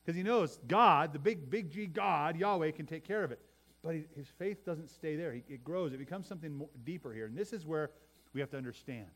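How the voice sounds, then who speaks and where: Fairly high-voiced man preaching. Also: expressive, a little fast. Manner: repeats words, varies loudness for emphasis, talks to the congregation. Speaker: pastor. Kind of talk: sermon.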